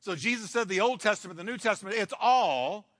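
A male pastor preaching a sermon emphatically, with sweeping shifts in pace and dramatic pauses, in a church. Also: sits high, expressive, a bit bright. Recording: long hall reverb.

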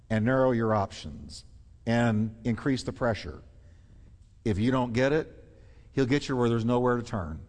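A male pastor preaching a sermon in an animated way, swinging between loud exclamations and hushed, earnest passages. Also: medium pitch. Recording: long hall reverb.

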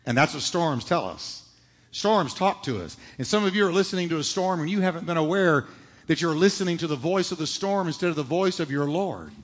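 A pastor preaches emphatically in a church sanctuary, posing rhetorical questions and answering them himself. His voice is a little high, expressive and slightly fast, echoing in a reverberant hall.

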